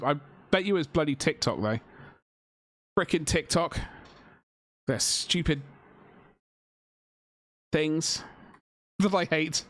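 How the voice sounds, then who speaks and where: A man's voice: fairly high pitch, expressive, slow pace, long pauses, fairly bright tone, no echo. Guy rambling on stream while painting minis, jokey and mock-outraged, dry close sound. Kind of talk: casual live-stream chat while painting.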